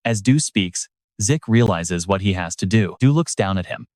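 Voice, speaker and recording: A man's voice: fairly low pitch, lively intonation, normal speed, darkish tone, no echo, clean studio sound. A man narrating a story recap in a dramatic, scripted storytelling manner. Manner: dramatic storytelling with brief voiced quotes.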